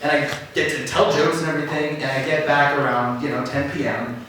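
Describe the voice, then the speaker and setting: A man's voice: a little high, steady tone, a little fast, a bit bright, a little hiss or hum. A young man doing a stand-up comedy set on a black-box theater stage, rambling and offhand, with lots of fillers. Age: young adult. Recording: echoey stage audio from a distant mic.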